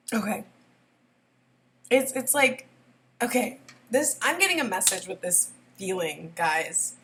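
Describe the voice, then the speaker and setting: Slow-talking young woman reading tarot. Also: medium pitch, big pitch swings, a bit bright, slight background noise. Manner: rambling, giggly, emotional. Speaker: tarot reader. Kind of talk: casual tarot reading to camera.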